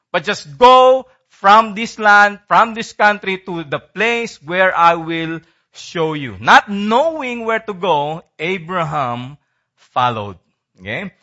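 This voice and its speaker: Male preacher, high bright voice, emphatic and repetitive, dull lo-fi recording. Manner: emphatic, repeating key phrases, dropping low at line ends. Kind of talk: sermon.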